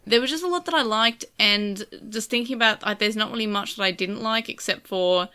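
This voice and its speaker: Bright, crisp-voiced woman podcast co-host. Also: mid-range voice, fairly quick. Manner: enthusiastic, chatty, many restarts and fillers. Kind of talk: casual review chat.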